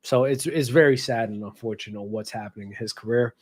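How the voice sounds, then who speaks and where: A man's voice: medium pitch, a little fast. Passionate man talking basketball. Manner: passionate, addresses viewers directly with slang. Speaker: sports commentary host. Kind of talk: casual basketball commentary vlog.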